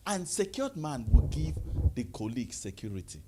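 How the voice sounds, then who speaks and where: A man giving a lively motivational talk to a live audience, calling out questions and having the crowd answer. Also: normal speed, noisy background. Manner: call-and-response, rising to high exclaims. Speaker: motivational speaker.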